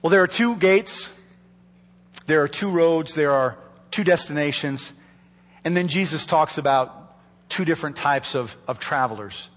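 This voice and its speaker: A man preaching a sermon from a church pulpit, earnest and pleading, slowing down to stress key words. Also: a little high, long reverb tail. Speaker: pastor. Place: church sanctuary. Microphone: microphone.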